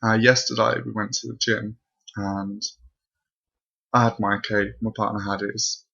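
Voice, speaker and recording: A man's voice: fairly low pitch, flat delivery, a little slow, gravelly, sharp tone, slightly rough. A young man rambling through a spooky personal story at home, with lots of fillers. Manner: breathless, rambling, full of fillers. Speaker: vlogger. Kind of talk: casual storytelling to camera. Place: bedroom at home. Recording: dull lo-fi home recording.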